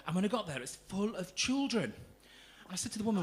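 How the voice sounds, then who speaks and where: A young man works a comedy club crowd with camp, teasing cheek. His voice sits high and swoops lively over wide pitch, with a bright, forceful edge. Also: fast talker. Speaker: stand-up comedian. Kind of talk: stand-up comedy with crowd work. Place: comedy club stage before a live audience.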